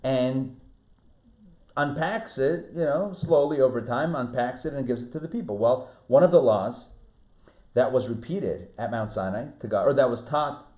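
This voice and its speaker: Male rabbi, online class lecture, animated, roomy muffled call audio. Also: medium pitch, moderate pace. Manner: lively, repeats words and restarts, asks the class questions. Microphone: video call.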